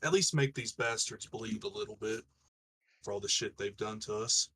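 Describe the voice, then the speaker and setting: A man speaking in character at a tabletop game, blunt and rough with swearing. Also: lowish voice, normal speed, fairly bright tone. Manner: blunt, swearing rebel talk. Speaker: player. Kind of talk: in-character tabletop role-play.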